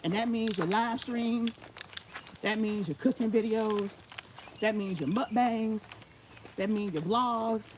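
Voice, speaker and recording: A woman's voice: fairly high pitch, takes it slowly. A woman giving emphatic, repetitive advice in a casual vlog while walking laps. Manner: emphatic, repeats her points for stress. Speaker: vlogger giving channel tips. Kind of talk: casual motivational vlog talk. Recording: noisy background.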